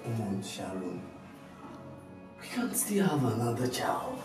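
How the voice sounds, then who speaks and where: A man's voice: mid-range voice, big pitch swings, slow, recorded from a distance. An actor playing a weary king who doubts his wife's plan. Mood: reluctant. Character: weary king, husband of the queen. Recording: echoey room from afar with music.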